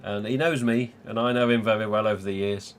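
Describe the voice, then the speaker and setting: A man's voice: lowish voice, fairly even intonation, a little fast, a little hiss or hum. A man from England hosting a live stream, chatting casually, swearing freely and laughing often. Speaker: livestream host.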